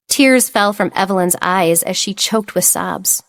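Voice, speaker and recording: A woman reads an audiobook romance aloud in a steady, plain narrating voice. Her pitch sits a little low for a woman. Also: normal speed, hardly any pauses, no room sound. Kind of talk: scripted narration.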